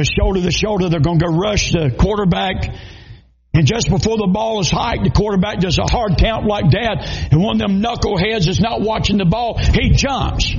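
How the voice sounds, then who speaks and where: A Southern pastor from Georgia preaches with a high, gravelly voice. He tells folksy, funny stories and sometimes raises his voice to drive a point home. The recording sounds dull and lo-fi. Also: a little mellow. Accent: Southern American (Georgia). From South Georgia, USA. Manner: folksy storytelling, humorous, raising voice to preach. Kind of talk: sermon.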